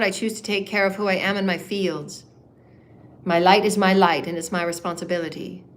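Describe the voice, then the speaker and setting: A woman leading a live guided meditation as a spiritual healer, giving slow, soothing instructions and breaking into rapid, rhythmic chanted syllables. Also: medium pitch, slight background noise.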